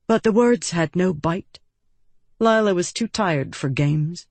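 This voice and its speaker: A woman reading an audiobook in calm, measured scripted narration. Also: fairly low pitch, no room sound.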